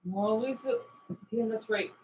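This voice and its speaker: A man's voice: high voice, normal speed, lo-fi sound, background noise. A man livestreaming and chatting with his viewers in a rambling, upset way, with many restarts and apologies. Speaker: livestreamer reacting to videos.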